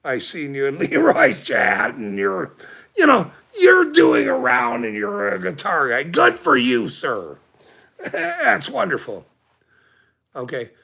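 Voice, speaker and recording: Gravelly, sharp-voiced man ranting at chat. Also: sits high, wildly swooping pitch, slow. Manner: profane and combative, with frequent laughs. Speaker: livestream host.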